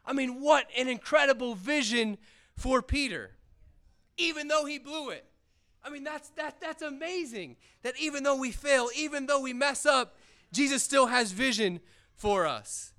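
A man's voice: very high-pitched, unhurried, sharp tone. A man giving an earnest, conversational sermon to teens, retelling scripture in everyday words.

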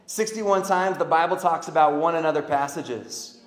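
A man preaching a sermon, swinging from loud emphatic calls to quiet earnest pleas. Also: on the high side, moderate pace. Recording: echoey hall.

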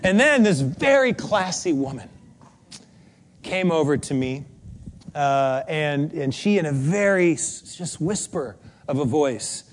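A man pastor delivering a chatty, animated sermon in church, telling stories with casual fillers. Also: a little high, measured pace, a little hiss or hum.

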